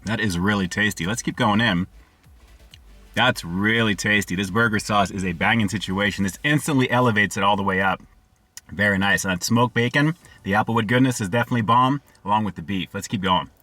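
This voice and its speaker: Upbeat fast-talking male food reviewer. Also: lowish voice, bright, forceful tone, dry recording, soft background music. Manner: upbeat, slangy, addresses viewers as guys. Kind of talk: casual food review vlog.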